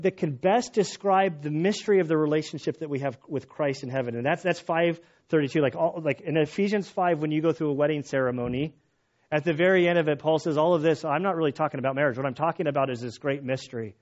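A middle-aged man preaching a sermon as pastor, earnest and halting, often restarting his phrases. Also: fairly high pitch, darkish tone. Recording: dull lo-fi sound.

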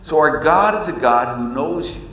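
Animated preacher in an echoey hall. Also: male voice, normal speed. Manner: animated storytelling, pitch leaps on emphasis. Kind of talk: sermon. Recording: echoey hall with long reverb.

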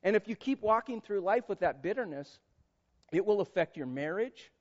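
High-voiced joking pastor in church. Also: male voice, expressive, normal speed, dull audio. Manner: playful, joking asides, acts out quoted voices. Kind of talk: sermon. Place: church sanctuary.

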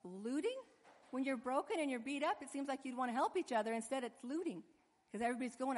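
A woman with a fairly high voice preaches a sermon, lively and expressive. She acts out the people in her story as she goes. Her voice carries a long hall reverb. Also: quick pace.

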